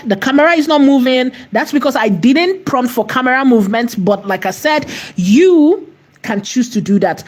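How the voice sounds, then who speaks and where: Tutorial host, woman, husky mellow voice, keeps checking in with "okay?", asks herself rhetorical questions. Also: on the high side. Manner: repetitive, checks in with "okay?" and "right?". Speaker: AI video tutorial creator. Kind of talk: screen-recorded tutorial walkthrough.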